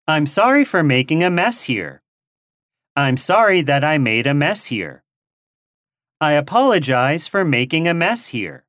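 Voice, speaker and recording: Slow, lively-voiced woman reading lesson drills. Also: sits low, no room sound, clean studio sound. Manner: slow, careful, expressive reading of drill phrases. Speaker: English lesson reader. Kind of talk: slow, clearly read language-lesson phrases.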